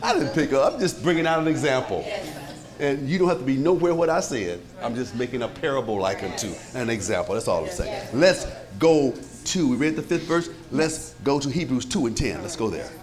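A pastor preaching to his congregation in a lively, conversational way, with many rhetorical questions and frequent chuckles. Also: mid-range voice, brisk, a crowd in the background. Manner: chuckles often. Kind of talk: sermon.

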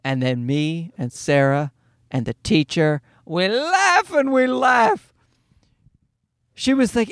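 Animated, profane man telling a stand-up story. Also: takes it slowly, long pauses, no room sound, clean studio sound. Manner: animated, profane, acts out high-pitched quoted voices. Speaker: stand-up comedian.

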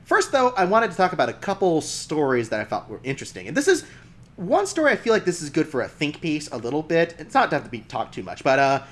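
A man hosts a casual film podcast, his pitch swinging up and down in a lively way. He talks in a loose, chatty manner and laughs easily between points. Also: fast talker. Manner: chatty, laughs often, restarts. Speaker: podcast host.

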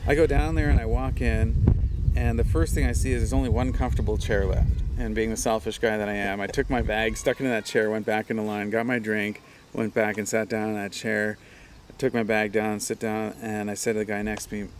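A man's voice: fairly low pitch, little pitch movement, brisk, a little hiss or hum. A man from Hawaii, a pastor and speaker, telling stories in a casual interview, chatty and laughing often. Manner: chatty, with frequent laughs and "you know" fillers.

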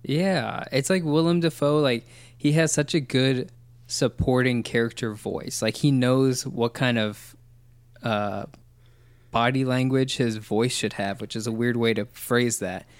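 A man's voice: mid-range voice, fairly even intonation, a little slow, clear, resonant tone, no room sound. A man chatting casually about a film, thoughtful and explanatory. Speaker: podcast co-host discussing a film. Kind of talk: casual chat.

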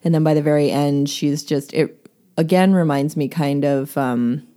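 A woman with a deep, dark-toned voice chats about a book in a relaxed podcast talk. She often chimes in with short agreeing sounds. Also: moderate pace. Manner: agreeable, frequent backchannel responses. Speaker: podcast co-host. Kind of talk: casual book discussion.

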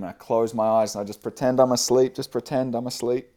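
A man's voice: lowish voice, little pitch movement, quick pace, hardly any pauses, warm tone. A man, a guest on the show, telling a casual story with fillers and frequent laughs. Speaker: podcast guest.

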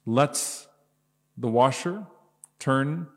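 A man gives a sermon from a stage, lively and expressive, acting out examples as his voice climbs to stress key points. His voice carries a long reverb off a large hall, and his pitch sits in a middle range for a man. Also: extremely slow. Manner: animated, acts out examples, voice rising for emphasis. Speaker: preacher.

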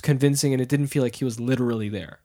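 A man's voice: mid-range voice, very fast, warm tone. A man hosting a casual film chat, blunt and stammering over restarts.

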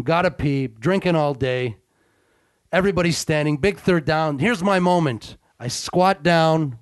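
A man casually telling a long, animated anecdote on a sports podcast. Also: on the high side, no room sound, clean studio sound. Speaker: guest storyteller.

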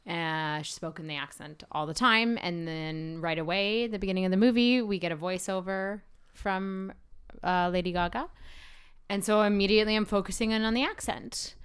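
A woman on a casual film review panel, chatty and quick to laugh. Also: medium pitch, clean tone.

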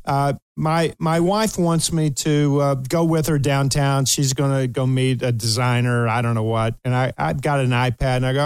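With a mid-range voice and clean tone, the older Kentucky-born host moves at a moderate pace with few pauses, and there's no room sound. He tells a funny story animatedly, laughing a lot and performing the voices of the people he quotes.

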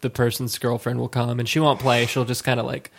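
A man in his late thirties telling a casual story as podcast co-host, rambling and halting with many restarts. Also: medium pitch, little pitch movement, gravelly, a bit bright. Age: late 30s.

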